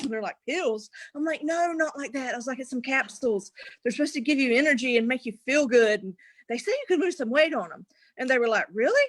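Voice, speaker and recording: Young adult woman, animated storyteller, bright upper pitch, dry close mic. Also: brisk, no room sound. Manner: animated, acts out quotes, laughs often. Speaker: guest. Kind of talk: casual storytelling.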